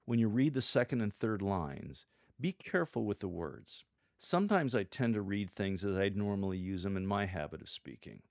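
A man with a fairly low voice gives scripted, measured coaching to church lectors. He reads sample lines aloud to show the delivery he means. The recording is close and dry, with no room sound. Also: very animated, creaky, a little mellow, no echo. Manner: measured, demonstrates readings aloud. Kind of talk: scripted teaching narration.

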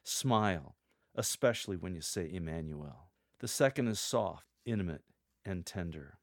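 A man coaching church lectors in a measured, scripted teaching style, reading sample lines aloud to show how they should sound. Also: low-pitched, expressive, no room sound, clean studio sound.

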